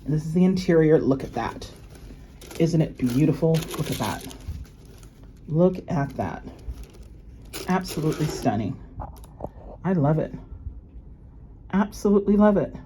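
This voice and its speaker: Excitable woman, low-set voice that swings high, casual unboxing chat, faint hiss. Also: unhurried, long pauses. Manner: gushing, excitable gasps and exclamations. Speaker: luxury unboxing vlogger.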